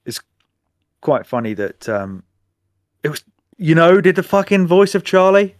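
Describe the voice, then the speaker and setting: A man's voice: a little high, sing-song, unhurried, no room sound, studio quality. A man co-hosting a podcast, chatting casually with trailing asides. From England. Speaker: podcast co-host. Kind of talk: casual chat.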